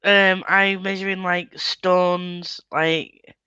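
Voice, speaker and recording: A woman's voice: on the low side, little pitch movement, extremely slow, bright, forceful tone, clean tone, no room sound, muffled recording. A woman with an English Midlands accent, chatting casually and giggling often, playfully mimicking accents. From England. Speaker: booktube host. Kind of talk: casual video call chat.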